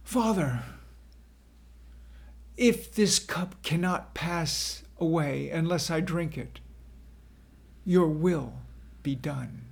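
A man voicing Jesus as a solemn, calm teacher, speaking in a slow, measured, grave way with a husky, gravelly voice. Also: a little high, full character voice.

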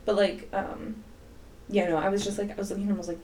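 A woman's voice: medium pitch, quick pace, a little hiss or hum. A young woman co-hosting a casual podcast, telling stories with lots of swearing and acted-out quotes. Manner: animated storyteller, swears, acts out quotes. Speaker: podcast co-host, middle school teacher. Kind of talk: casual chat.

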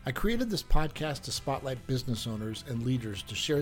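A man's voice: mid-range voice, lively intonation, fairly quick, hardly any pauses, soft background music. Upbeat male podcast host. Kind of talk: podcast interview.

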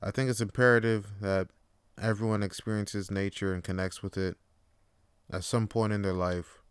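A man's voice: on the low side, little pitch movement, moderate pace, smooth, no echo. A young man hosting a podcast who talks in a rambling, profane and blunt way, close to the mic. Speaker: podcast host. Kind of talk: casual monologue.

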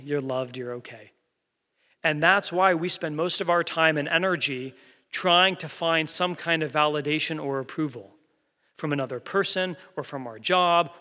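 Earnest preacher in a reverberant hall. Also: male voice. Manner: earnest, builds to emphatic peaks then drops soft and low. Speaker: pastor. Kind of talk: sermon.

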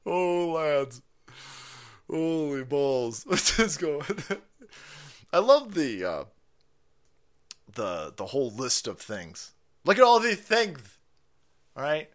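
A man hosting a stream, ranting in a foul-mouthed, mocking way, often laughing and jumping up in pitch when excited. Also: takes it slowly, pauses often. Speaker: streamer and host. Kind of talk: profane ranting commentary stream.

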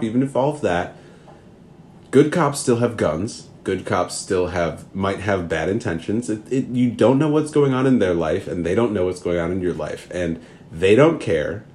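A man with a low, deep voice talks through an earnest, reflective answer, circling back and restarting his thoughts as he goes. He grew up in Minnesota, and a faint hum of ambient noise sits behind him. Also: a little mellow. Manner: earnest, rambling with many restarts.

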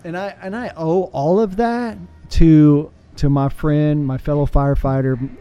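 A man's voice: fairly high pitch, fairly even intonation, a little slow, mellow, smooth, dull audio, faint music behind. A man with a Texan accent, a firefighter guest, speaking earnestly in a casual interview and laughing often. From United States.

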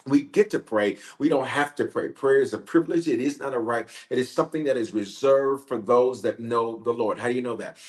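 Energetic bishop leading online prayer. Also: male voice, medium pitch, brisk, few pauses. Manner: energetic, repetitive, calls out to viewers. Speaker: bishop, pastor. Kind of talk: livestreamed prayer service, casual greeting.

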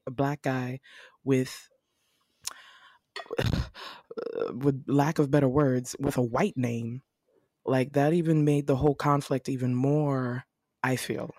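A woman's voice: a bass voice, fairly even intonation, takes it slowly, warm tone, no room sound, studio quality. A young woman chatting casually as a co-host, thinking aloud in rambling, self-correcting runs. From United States. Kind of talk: casual chat.

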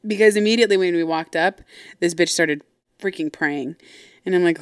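Low-voiced woman telling a story frankly. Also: a little fast, clean tone, dry recording, clean studio sound. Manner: candid, swears freely, quotes others animatedly. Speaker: podcast host. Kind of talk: casual storytelling.

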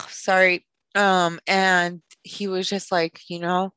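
A woman speaks in a lowish voice, sharing a personal story candidly on a podcast. Her delivery is emotional and open, and she drops phrases into her English. The recording is dry and close, with no room sound. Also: level tone, takes it slowly, fairly bright tone, clear, resonant tone, no room sound. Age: late 20s. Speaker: podcast co-host.

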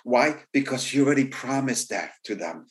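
A man's voice: mid-range voice, normal speed. A man preaches a sermon in an ordinary mid-range voice. He leans on "you know" and says his key lines twice over for emphasis. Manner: repeats phrases for emphasis, rising excitement on key points; frequent "you know" fillers. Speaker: pastor.

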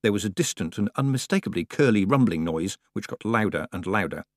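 A man narrating an audiobook in a lively, expressive storytelling manner. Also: fairly low pitch, a little fast, no room sound, clean studio sound.

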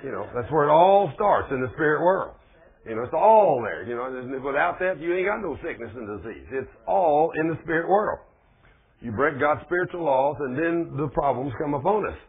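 Man, folksy preacher, husky voice, tinny radio sound. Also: fairly high pitch, animated, moderate pace. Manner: folksy, asks the congregation questions. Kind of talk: folksy sermon. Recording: tinny phone-like radio broadcast.

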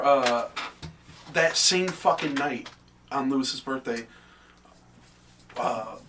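A young man on a casual podcast, telling a spooky story with lots of swearing and a bright, forceful tone. His voice sounds a little distant from the microphone. A faint hiss of noise sits behind him. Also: medium pitch. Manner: animated ghost-story telling, heavy swearing. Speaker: podcast co-host. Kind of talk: casual chat.

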